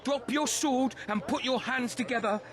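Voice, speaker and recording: Taunting game bounty hunter, high voice, menacing, mocking. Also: male voice. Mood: threatening. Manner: mocking, menacing, drawn-out delivery. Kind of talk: video game voice acting.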